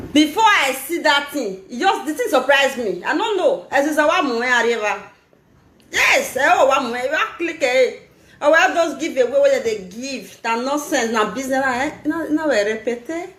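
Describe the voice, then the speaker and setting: A Nigerian woman with a high, sharply rising and falling voice runs a live stream. She scolds and laughs often as she talks. The sound is roomy and echoing. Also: expressive, normal speed, fairly bright tone. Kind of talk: casual live-stream commentary.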